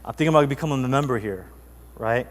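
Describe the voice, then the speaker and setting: A man's voice: mid-range voice, quick pace, long reverb tail. A man preaching a sermon as pastor, telling a story in a loose, chatty way with many fillers. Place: church sanctuary.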